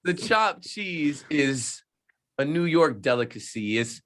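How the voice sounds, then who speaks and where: He takes his time, and his voice sits fairly high. A sports radio host from the New Jersey shore, he chats on a casual podcast with emphasis, bringing quoted people to life through lively impressions.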